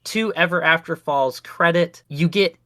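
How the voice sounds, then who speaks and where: A man's voice: fairly high pitch, unhurried, bright, forceful tone, dry recording, studio quality. A man co-hosting a podcast, chatting casually about games in a rambling, filler-heavy, easygoing way. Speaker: podcast co-host. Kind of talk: casual game review chat.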